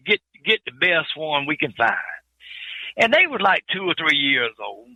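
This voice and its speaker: A man's voice: fairly high pitch, very animated, normal speed, pushed and bright, no echo, low-quality recording. A man telling his trucking life story in an interview, in plain folksy speech with many repeated words.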